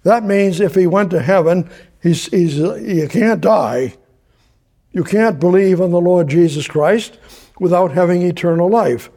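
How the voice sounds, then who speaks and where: A man's voice: high voice, vocal fry, mellow, breathy edge. An older man teaching verse by verse from the Bible, rambling and repeating himself as he paraphrases scripture. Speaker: preacher.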